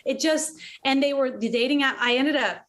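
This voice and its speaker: A woman's voice: sits high, normal speed. A woman in her late thirties talking candidly and animatedly as a podcast guest, swearing now and then. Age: 30s. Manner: candid, animated storytelling, swears, laughs often. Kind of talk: casual conversation.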